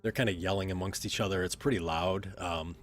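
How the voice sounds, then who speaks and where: A man narrating as game master of a tabletop game, relaxed and rambling with many fillers. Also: low-pitched, brisk, noisy background.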